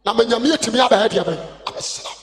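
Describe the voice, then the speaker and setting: Man, Ghanaian accent, evangelist sermon, very high voice, booming hall reverb. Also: fast talker. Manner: impassioned, shouting call-and-response preaching mixing two languages.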